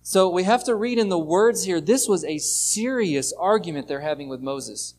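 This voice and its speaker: A man's voice: sits high, moderate pace. Man preaching a conversational sermon. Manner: conversational preaching, reads scripture aloud with lively shifts in loudness. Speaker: pastor.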